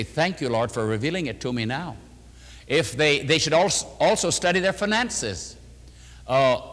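An older man preaching and answering questions, telling stories with lively, animated delivery. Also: in a large hall. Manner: animated storytelling, voices quotes with rising pitch. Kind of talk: sermon.

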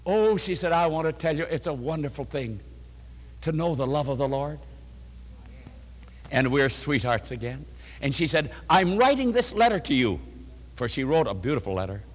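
A man's voice: on the high side, animated, normal speed, pauses often. A man preaching a sermon, earnestly retelling a woman's letter and then guiding listeners to take notes. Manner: earnest storytelling, retelling a letter with rising emotion. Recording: long hall reverb.

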